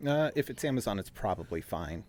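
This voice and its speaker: A man who is a guest on a podcast, calmly and matter-of-factly explaining things in a casual chat. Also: lowish voice, a little fast.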